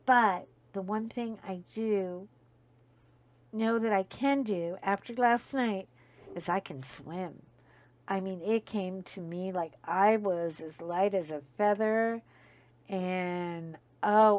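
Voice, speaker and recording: A woman's voice: medium pitch, takes it slowly, darkish tone, no room sound. A middle-aged woman hosting her own casual chat vlog, telling a rambling everyday story with plenty of asides. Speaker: host.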